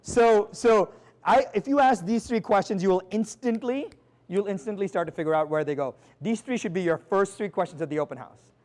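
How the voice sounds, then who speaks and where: Man, high voice, live seminar trainer, energetic, emphatic, rhetorical questions, chatty restarts. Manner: quick, conversational, with frequent restarts and "like" and "right?". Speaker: sales trainer presenting to an audience.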